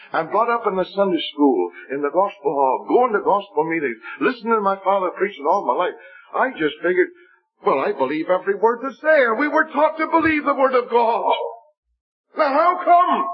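A man preaching a testimony sermon, telling a story and acting out the voices in quoted dialogue. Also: high voice. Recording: dull lo-fi recording.

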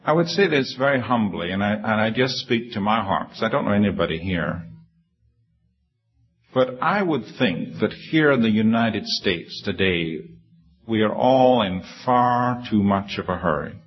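A man with a low, husky voice preaches earnestly and humbly, stumbling through restarts before rising to emphatic peaks. The sound is dull and lo-fi, like an old sermon tape. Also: animated, normal speed. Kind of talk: sermon with personal story.

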